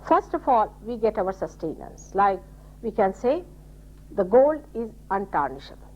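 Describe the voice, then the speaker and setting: An older woman giving a spiritual talk to her followers, telling stories with quoted dialogue and scolding in an animated way. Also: mid-range voice, moderate pace. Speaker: spiritual teacher. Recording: dull lo-fi 1980s tape.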